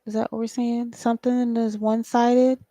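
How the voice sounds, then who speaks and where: A woman's voice: fairly high pitch, level tone, normal speed, mellow, no room sound. A woman giving a casual solo tarot reading, thinking aloud in a loose, profane way with frequent ums. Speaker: tarot reader and psychic channeler.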